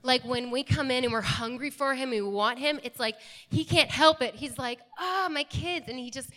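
A woman with a slightly high voice talks to her congregation as their worship leader. She is earnest and casual, and her speech is full of fillers. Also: moderate pace, bright, forceful tone. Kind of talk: casual talk from the church stage. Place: church sanctuary.

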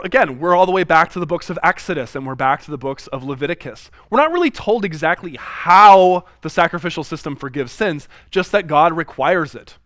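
A man in his thirties giving a classroom lecture, reading scripture aloud and acting out quoted dialogue with lively swings in voice. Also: fairly high pitch, no room sound, clean studio sound. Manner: animated, acts out quoted dialogue.

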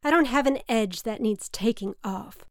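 A woman's voice: a little high, normal speed, dry recording, clean studio sound, close to an everyday voice. A woman voicing her curt, indignant, hard-drinking mother, who swears freely and snaps back.

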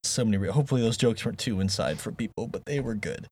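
A man's voice: lowish voice, lively intonation, quick pace, darkish tone, a little hiss or hum. A man hosting a gaming podcast in casual chat, joking, rambling and laughing often. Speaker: podcast host.

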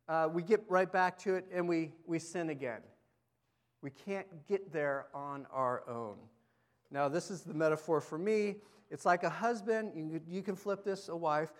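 A male pastor preaching a sermon in a conversational way, asking the congregation questions and swinging between emphatic lines and near-murmurs. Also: a little high.

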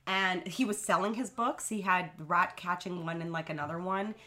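Sharp in tone and on the low side, this young podcast host speaks at a moderate pace while spinning a long, casual story. Her telling wanders and is thick with fillers.

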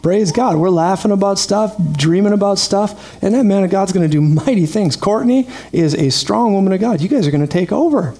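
A male preacher delivering a sermon like a friendly chat. His voice sits a touch high, and he keeps breaking into laughing asides as he tells the story. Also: expressive, a little fast, hardly any pauses, dark tone.

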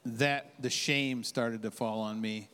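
Male guest, reflective testimony, flat delivery, reverberant hall. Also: mid-range voice. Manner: halting, candid, reflective. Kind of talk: personal testimony.

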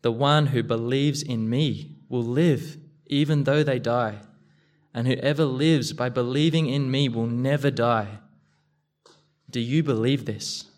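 A man reading the lines of a calm, solemn teacher from a scripture passage in a measured, unhurried way. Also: medium pitch, lightly acted.

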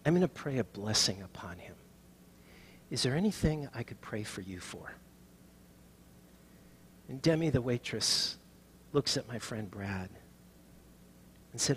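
A middle-aged male pastor giving a sermon and telling stories, rising to loud proclaiming and dropping to soft, near-whispered lines. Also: medium pitch, slight background noise. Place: church sanctuary.

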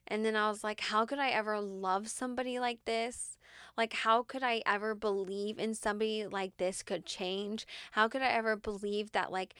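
A woman's voice: mid-range voice, fairly even intonation, moderate pace, fairly bright tone, clear, resonant tone, dry recording, studio quality. A woman guest on a podcast, telling a personal story in an earnest, candid way with lots of filler words.

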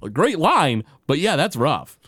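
Rambling man with a lively, dry voice. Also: a little high, dry recording. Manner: rambling, many fillers, retells scenes in quick impressions. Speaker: podcast co-host. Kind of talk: casual chat recapping a cartoon episode.

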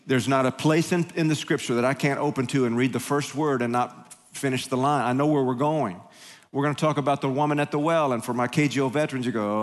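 A man preaching in a casual, humorous way, his pitch sitting in the middle range. He talks in quick bursts and often restarts his sentences. His voice carries a long reverb from a church hall. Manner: conversational, joking, with quick bursts and repeated restarts. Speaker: pastor. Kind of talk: sermon.

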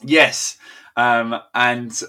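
A man's voice: medium pitch, steady tone, extremely slow, bright, forceful tone, clear, resonant tone. A young man co-hosting a casual podcast chat, rambling and chuckling as he tells stories, with frequent restarts. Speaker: podcast co-host.

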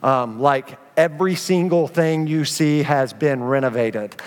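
A man preaching a sermon as pastor, telling stories with animated energy and acting out the voices of the people in them. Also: a little high, a little slow. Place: church sanctuary. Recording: reverberant church sanctuary.

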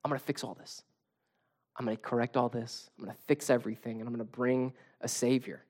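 A pastor voicing God, hushed and reassuring. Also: male voice, medium pitch, steady tone, fast talker, voice pushed down, natural voice. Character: God, a calm reassuring divine speaker.

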